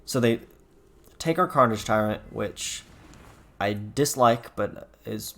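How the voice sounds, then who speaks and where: A man's voice: mid-range voice, slow, creaky, fairly bright tone, a little hiss or hum. Young male gameplay commentator, casual, thinking aloud, self-correcting, wry.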